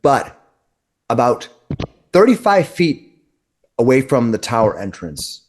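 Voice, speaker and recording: A man narrating as game master in a tabletop game, halting and restarting often. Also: mid-range voice, sing-song. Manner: halting, many repeated restarts.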